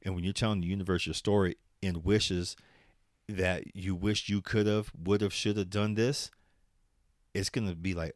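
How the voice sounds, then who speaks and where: Steady and low, at a moderate pace, a podcast host speaks in a clean studio recording with no room sound. His solo talk is casual and rambling, heavy on swearing and laughter, and at times becomes a motivational pep talk.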